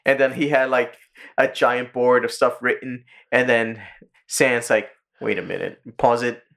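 Man, podcast co-host, animated, quotes characters in a higher voice, swears, laughs a lot, mid-pitched. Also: measured pace. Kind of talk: casual chat, retelling a cartoon episode.

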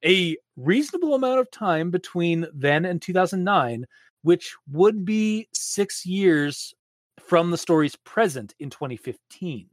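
Casual male co-host, bit higher voice, expressive, laughs often, dry recording. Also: a little slow, no echo. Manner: animated, laughing, exaggerated reactions. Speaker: podcast co-host discussing a story. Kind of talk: casual chat with story readings.

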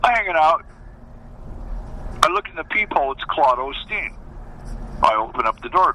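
An older man, a former baseball pitcher, telling stories from his playing days in an interview and acting out the dialogue with lively voices. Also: moderate pace, a little hiss or hum, rough recording. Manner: animated, acts out quoted dialogue. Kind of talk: storytelling interview.

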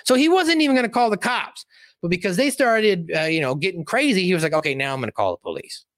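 A man with a slightly high voice recaps a film in a casual, profane ramble full of asides. His delivery is very lively, with pitch swinging widely. The sound is close and dry. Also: fast talker, no room sound. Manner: animated, rambling, profane storytelling with many asides. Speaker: movie recap commentator. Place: indoors, seated.

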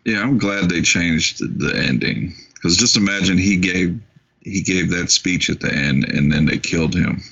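A man's voice: sits low, moderate pace, creaky, fairly bright tone, breathy edge. A man co-hosting a casual movie chat, chiming in with short comments. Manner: brief interjections, adds short comments. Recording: dull lo-fi recording.

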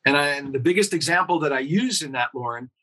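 Bright-voiced male doctor, earnest. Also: on the high side, animated, fast, poor audio. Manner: earnest, explains with acted-out quotes and rhetorical questions. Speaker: pediatrician guest. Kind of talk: conversational interview explanation.

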